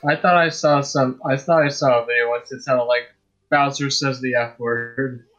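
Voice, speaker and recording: A man's voice: medium pitch, fairly even intonation, moderate pace, fairly bright tone. Offhand man on a dull lo-fi mic. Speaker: podcast co-host. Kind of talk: casual chat.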